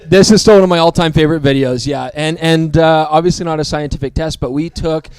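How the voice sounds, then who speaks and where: A man's voice: a little high, brisk, clear, resonant tone. A man hosting a casual chat about old videos, joking and laughing often. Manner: jokey, laughs often, animated. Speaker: show host.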